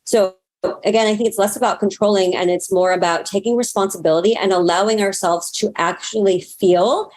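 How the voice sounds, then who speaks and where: A woman spiritual teacher and healer talking casually as an interview guest, animated, acting out her inner voice and swearing freely. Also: medium pitch, a little fast.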